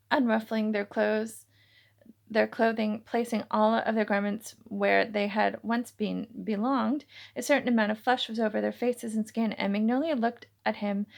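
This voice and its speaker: Woman reading her novel aloud, gravelly voice, halting, restarts and corrections. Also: on the high side, a little mellow.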